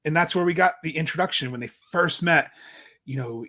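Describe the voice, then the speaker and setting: A young adult man co-hosting a podcast in casual chat, animated and acting out quotes in put-on voices. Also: fairly high pitch, fairly quick. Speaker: podcast co-host.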